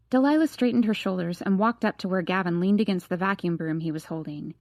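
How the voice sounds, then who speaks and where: A woman's voice: fairly low pitch, quick pace, few pauses, no echo. Woman narrating an audiobook, dry and close. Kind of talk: scripted narration.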